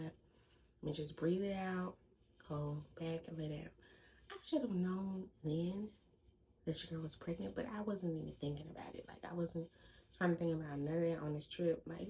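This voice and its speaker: Young adult woman, lively storyteller who talks straight to her viewers, slightly low voice. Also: fast, creaky, a little hiss or hum, low-quality recording. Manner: lively, chatty storytelling that addresses viewers as "y'all". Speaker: vlogger. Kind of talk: casual storytime.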